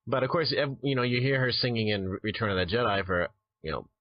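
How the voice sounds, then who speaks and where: A man's voice: mid-range voice, fast talker. Rambling male interviewer, lo-fi sound. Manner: long rambling questions with fillers. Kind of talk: interview questions. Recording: dull lo-fi sound.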